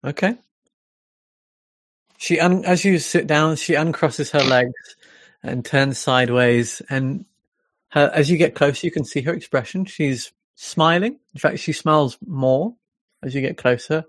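A game master describing a scene in a tabletop game, halting and descriptive as the narration is thought up aloud. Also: medium pitch, dry recording.

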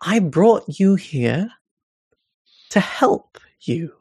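Eerie smiling woman keeper of a ruined park, put on by a game master; higher-pitched, soft, persuasive, dry close recording. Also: big pitch swings, very slow, husky, no echo, full character voice. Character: eerie welcoming woman who runs an abandoned park. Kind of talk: tabletop role-play character voice.

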